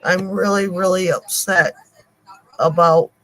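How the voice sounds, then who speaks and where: An older woman co-hosting a live stream, apologizing to viewers in halting speech with many pauses and repeated words. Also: lowish voice, steady tone, a bit bright, poor audio.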